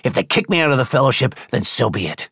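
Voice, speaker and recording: A male narrator voicing a defiant young male apprentice held prisoner, bitter and angry, in a gravelly, husky voice. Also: mid-range voice, big pitch swings, fast talker, a bit bright, no room sound, studio quality, pitched above the performer's own voice, exaggerated voice. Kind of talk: audiobook character voice.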